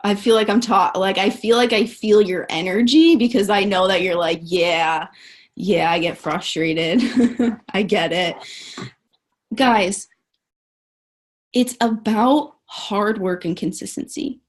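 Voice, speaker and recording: A woman's voice: medium pitch, measured pace. A woman coaching her network marketing team over a live stream, upbeat and emphatic, often saying "like" and "guys".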